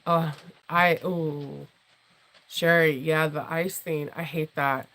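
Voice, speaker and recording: A woman chats casually on a home livestream, her voice gravelly and husky because she is losing it. She rambles and restarts a lot and breaks into little laughs. It sounds like a relaxed talk with viewers from her sewing room. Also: takes it slowly, low-quality recording. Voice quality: low, husky tone she calls her jazz voice. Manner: rambling and chatty, with many restarts, fillers and laughs. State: losing her voice, deeper than usual. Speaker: sewing channel host and sewing teacher.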